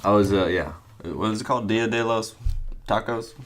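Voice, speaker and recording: A man's voice: lowish voice, moderate pace. A young man co-hosting a livestream in casual, joking chat, playful and self-mocking. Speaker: livestream co-host.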